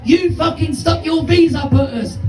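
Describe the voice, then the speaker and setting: A man's voice: extremely high pitch, normal speed, a little mellow, soft background music, voice pushed up. A man playing a menacing, swearing big teenage bully. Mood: threatening. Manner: threatening, swearing. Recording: distant, echoey live room.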